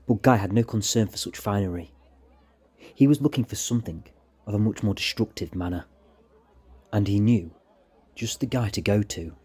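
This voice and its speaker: A man narrating a short story in a measured, steady reading. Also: fairly low pitch, husky.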